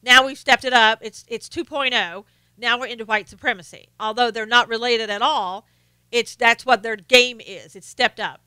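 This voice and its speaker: A woman's voice: fairly high pitch, moderate pace, bright, forceful tone, clear, resonant tone, no room sound. A woman hosting a live stream, giving opinionated casual political commentary and greeting chat viewers by name, with many fillers and restarts.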